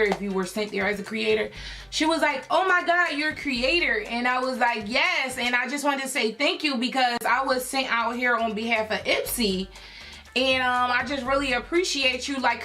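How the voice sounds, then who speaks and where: A young woman from Philadelphia, a beauty YouTuber, telling an excited storytime to her viewers in a chatty way with many fillers. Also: on the high side. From Philadelphia, USA. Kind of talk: storytime vlog, casual chat to viewers.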